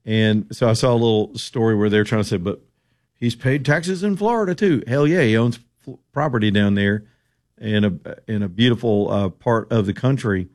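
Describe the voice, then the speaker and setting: A man's voice: on the low side, steady tone, brisk, a little mellow. Sarcastic folksy male talk host. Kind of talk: opinionated political talk radio.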